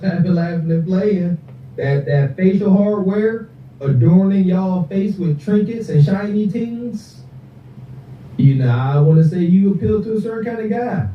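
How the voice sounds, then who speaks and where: A man giving casual, mocking commentary as he roasts people. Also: sits high. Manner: mocking, sarcastic. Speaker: commentary streamer. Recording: distant, roomy, dull-sounding audio.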